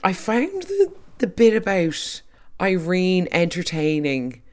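A speaker giving a chatty, opinionated recap of a soap opera, with quick asides and restarts. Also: mid-range voice, wildly swooping pitch, a little mellow. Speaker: soap recap podcast host. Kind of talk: casual chat.

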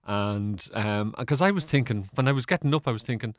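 A man's voice: lowish voice, a little fast, dry recording, clean studio sound. An Irish man, a guest in an interview, telling stories in a chatty, rambling way with fillers and laughs. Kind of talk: casual storytelling interview.

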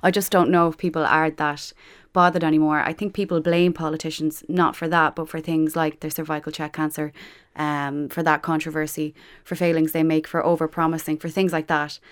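A woman's voice: low voice, flat delivery, clean tone. A woman journalist chatting wryly on a radio panel about politics. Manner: brisk, chatty, wry.

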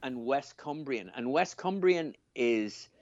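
A man co-hosting a podcast in casual chat, talking by himself in a room, animated and rambling with lots of fillers and restarts. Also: mid-range voice, takes it slowly, no room sound. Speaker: podcast co-host. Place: room on his own. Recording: slightly dull, dry lo-fi sound.

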